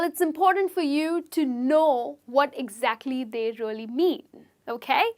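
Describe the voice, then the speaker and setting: A young woman from India, teaching slang expressions in a chatty lesson and checking in with "okay?". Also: sits high. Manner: chatty, explains with stories and frequent "okay?" check-ins. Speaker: English teacher. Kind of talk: explaining slang in a video lesson.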